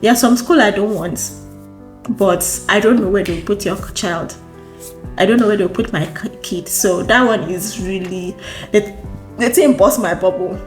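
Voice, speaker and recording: A woman from Nigeria with a Nigerian accent, chatting casually to camera as a vlogger, expressive and exclamatory, repeating phrases for emphasis. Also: mid-range voice, moderate pace. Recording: roomy echo with faint background music.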